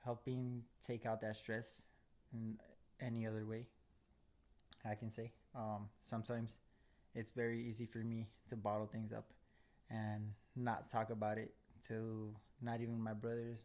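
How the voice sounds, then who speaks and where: A man's voice: lowish voice, completely flat delivery, unhurried, a little mellow. A young man chatting casually as a podcast host, laid-back, with lots of "bro" and "um" and frequent laughs.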